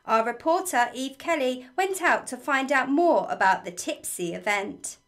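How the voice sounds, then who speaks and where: A woman news presenter introducing a report in a crisp, scripted way. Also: high voice, lively intonation, a little slow.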